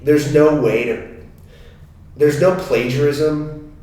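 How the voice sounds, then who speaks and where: A man's voice: a little high, steady tone, takes it slowly, a little mellow. A young man chatting casually on a podcast, rambling through stories and slipping into put-on voices for the people in them. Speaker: podcast co-host. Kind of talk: casual chat. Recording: echoey room, mic at a distance, faint hiss.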